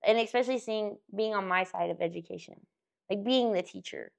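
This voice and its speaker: Gravelly-voiced woman teacher telling stories. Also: medium pitch, brisk. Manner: animated storyteller, acts out children's voices. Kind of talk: casual podcast chat. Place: indoor podcast room.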